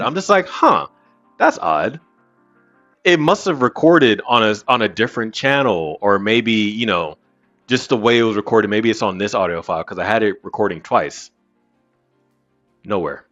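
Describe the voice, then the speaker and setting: A man hosting a podcast, telling a story in an animated, casual way and swearing freely. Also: lowish voice. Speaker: podcast host. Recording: muffled with faint music.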